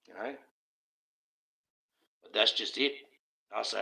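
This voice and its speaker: A man's voice: lowish voice, slow pace, gravelly, sharp tone, poor audio. An Australian man holds forth on a live stream, swearing freely and spinning conspiratorial tangents. His voice is tense and cutting, and he laughs at his own points. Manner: profane, conspiratorial, laughs often. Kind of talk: casual ranting monologue.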